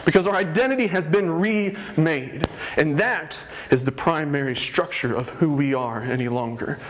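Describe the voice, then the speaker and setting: A man's voice: fairly high pitch, moderate pace, slight background noise. A man preaching a sermon, earnest and emphatic, stressing his points through repetition. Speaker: pastor.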